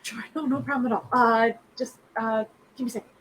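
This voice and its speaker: A woman's voice: on the high side, steady tone, fairly quick, a bit bright, a little hiss or hum, lightly acted, low-quality recording. A woman voicing an eager young female gnome receptionist who gushes and stammers through her questions. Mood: flustered. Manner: gushing, stammering, breathless questions.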